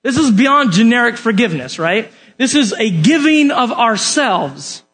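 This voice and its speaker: A man's voice: very high-pitched, sing-song, measured pace, fairly bright tone, slightly rough. A man preaching a sermon in a casual, joking way, talking straight to his listeners.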